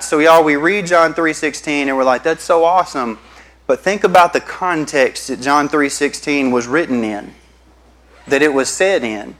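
A man's voice: a little high, moderate pace, fairly bright tone, rough recording. A male pastor, preaching a sermon and telling stories to the congregation. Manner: storytelling, addresses the congregation as y'all.

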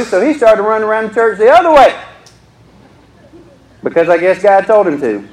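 A man's voice: high voice, expressive, normal speed, pauses often, darkish tone, echoey room, rough recording. A young man preaching a sermon in a joking, conversational way, often asking the crowd questions.

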